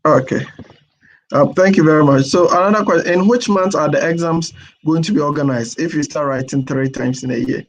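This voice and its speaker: A man moderates an online session, reading out audience questions in a polite, slightly halting way. His voice sits somewhat high for a man. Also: poor audio. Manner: reads out audience questions, polite, repeats words. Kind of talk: webinar moderation.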